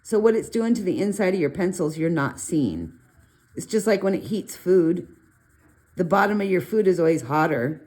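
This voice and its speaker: A middle-aged woman casually talking through a colored pencil demo, chatty and rambling with animated asides. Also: lowish voice, normal speed. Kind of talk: casual art tutorial talk.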